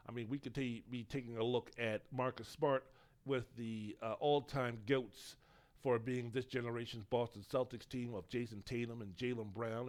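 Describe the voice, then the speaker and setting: A man hosting a solo sports podcast, talking in a rambling, opinionated way and swearing casually. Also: mid-range voice. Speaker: podcast host.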